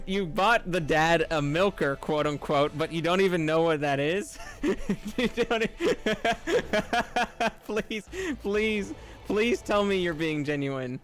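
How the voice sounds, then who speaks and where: A man with a slightly higher voice streams a platformer, chatting loosely with his viewers. He reads their messages out loud and keeps bursting into loud, high laughter, while faint music plays behind him. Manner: reads chat aloud and reacts with loud, high laughing outbursts. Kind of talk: live game stream chat.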